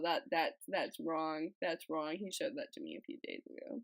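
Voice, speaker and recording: A woman's voice: low-pitched, normal speed, gravelly, hardly any pauses, low-quality recording. A woman casually narrating over her speedpaint and reading posts aloud, rambling and giggly, with a desk mic she keeps bumping. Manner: rambling, giggly, restarts and trails off.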